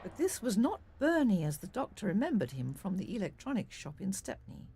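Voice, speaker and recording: A woman narrating an audio drama in a measured, expressive storytelling manner. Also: medium pitch, breathy edge. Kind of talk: scripted narration.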